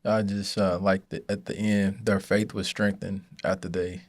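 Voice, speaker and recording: A man in a class offering a hesitant, halting comment. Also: deep voice, flat delivery, dry recording. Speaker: class participant.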